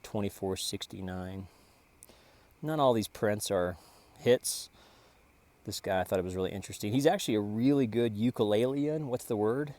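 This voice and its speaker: A man with a lowish voice talks through his photo prints in a loose, casual vlog. He rambles from picture to picture with big boasts and sudden exclamations, and he keeps praising his own work. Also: a little mellow. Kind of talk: casual self-promoting vlog narration.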